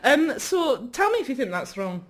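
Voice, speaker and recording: A woman's voice: high-pitched, sing-song, moderate pace, slight background noise. A woman artist performing comic, rambling chat, self-mocking and laughing often.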